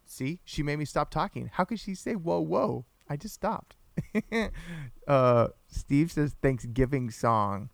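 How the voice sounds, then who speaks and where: Prowadzący podcastu, mężczyzna: żartobliwy, często się śmieje, czyta komentarze widzów; nagranie suche, bez pogłosu. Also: male voice, mid-range voice, measured pace, dry recording. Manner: joking, laughs often, reads viewer comments aloud. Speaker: podcast co-host. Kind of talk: casual live-stream chat.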